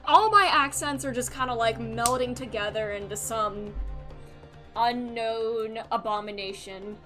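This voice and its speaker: A young adult woman streaming a game, chatting excitably with giggles and loud outbursts. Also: on the high side, unhurried, over music. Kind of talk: live game commentary.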